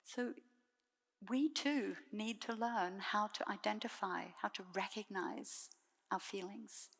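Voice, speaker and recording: A Buddhist nun gives a dharma talk in a soft, gentle voice of middling pitch. She speaks slowly and leaves calm pauses between phrases. Her words ring out with the long reverb of a meditation hall. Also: creaky.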